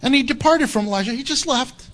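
A man's voice: very high-pitched, fast, fairly bright tone. A man preaching an expository sermon in an impassioned, emphatic, conversational way.

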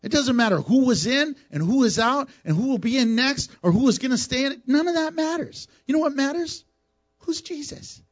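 A man preaching a sermon as a pastor, animated and teasing with the congregation. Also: very high voice, moderate pace, no echo, muffled recording. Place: church sanctuary.

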